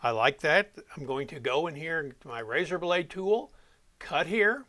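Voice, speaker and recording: A man's voice: on the high side, expressive, a little slow, sharp tone. A man explaining audio editing step by step, as an instructor walking students through a tutorial. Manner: plain step-by-step explaining, self-correcting.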